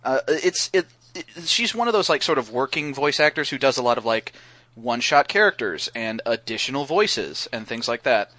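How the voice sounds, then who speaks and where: A man's voice: medium pitch, expressive, moderate pace, pushed and bright, no room sound. A man chatting casually on a podcast, rambling with lots of fillers and restarts. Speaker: podcast guest co-host.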